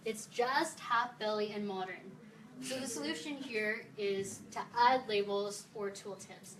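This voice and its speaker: A woman's voice: medium pitch, unhurried, background noise. A woman from the Philippines giving a casual, playful talk at a meetup, quizzing her audience. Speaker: conference speaker. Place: meeting room with audience. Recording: roomy sound, mic at a distance, faint ambience.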